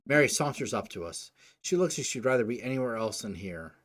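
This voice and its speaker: A man's voice: mid-range voice, animated, fairly quick, a bit bright. A young man, a let's play host, reading a dating game aloud with joking, crude asides. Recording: faint game music behind.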